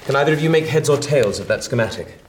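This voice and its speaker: A man playing a brisk British officer with a British accent who briefs commandos in a period TV drama. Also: mid-range voice, lively intonation, a little hiss or hum, lightly acted. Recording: roomy echoing TV soundtrack.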